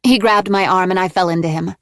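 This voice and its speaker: A woman voicing a scheming, manipulative woman who speaks low and measured in an audiobook. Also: a bit bright, dry recording, studio quality. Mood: cold. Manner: low, measured, coolly defiant.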